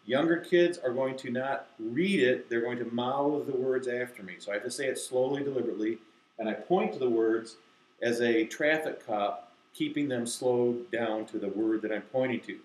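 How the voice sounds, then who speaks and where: A man explaining to teachers how to teach a verse to children, acting out slow, deliberate recitation. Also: mid-range voice, darkish tone, reverberant, rough recording. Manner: demonstrates, reciting key phrases slowly and deliberately. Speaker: Bible teacher. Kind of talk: instructional talk to teachers.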